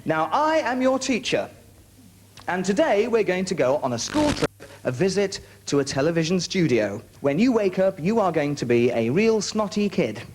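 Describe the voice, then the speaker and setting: A man's voice: high-pitched, very animated, normal speed, a little mellow, slight background noise. A man hosting a hypnosis show in a TV studio, giving coaxing, commanding instructions to his subjects. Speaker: stage hypnotist and host. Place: TV studio with audience. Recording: VHS TV studio with audience.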